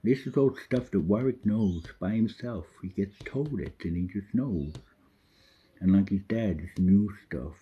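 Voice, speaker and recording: Low husky rambling man, lo-fi. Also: unhurried. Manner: rambling, refers to himself in the third person; swears freely, drifts off topic. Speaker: vlogger. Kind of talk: rambling monologue.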